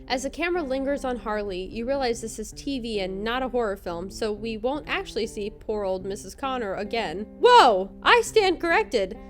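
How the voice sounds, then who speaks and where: A woman's voice: on the high side, faint music behind. A woman hosting a podcast, narrating a scripted comedic recap in a wry, sarcastic way. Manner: wry, sarcastic, quick to laugh. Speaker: podcast host.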